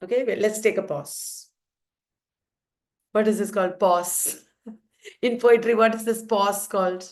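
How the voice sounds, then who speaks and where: Her medium-pitched voice is a little mellow, fairly even in intonation, and unhurried, with frequent pauses. She has an Indian English accent and teaches literature, playfully quizzing students in a revision lecture and supplying the answers herself.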